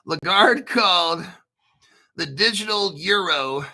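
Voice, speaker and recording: An American man hosting a casual commentary, brash and profane, joking around and often clearing his throat. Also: sits high, lively intonation, slow, bright, forceful tone. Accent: General American. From United States. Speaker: crypto video host. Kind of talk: casual commentary reading articles.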